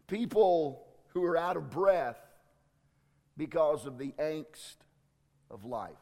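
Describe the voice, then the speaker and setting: Man, pastor, sermon, high voice, slow, deliberate pauses, long church reverb. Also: lively intonation, dark tone.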